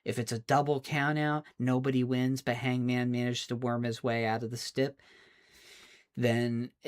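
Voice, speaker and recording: A man, a streamer, in an exasperated, profane rant, often stammering and restarting his words. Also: medium pitch. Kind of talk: angry rant.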